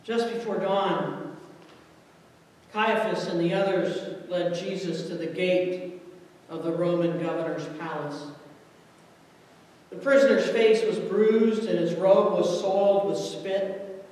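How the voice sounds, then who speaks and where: A man narrating a scripture story in a measured, deliberate way at a church service. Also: high-pitched, fairly even intonation, darkish tone. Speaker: scripture reader. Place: church sanctuary. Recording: echoey church hall from far off.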